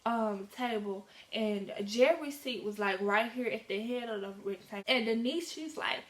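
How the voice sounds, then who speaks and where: A teenage girl with a slightly high voice tells a casual, slangy storytime and acts out all the dialogue herself. The room around her is echoey and bright with reflections. She sounds animated throughout. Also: normal speed. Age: teens. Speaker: vlogger.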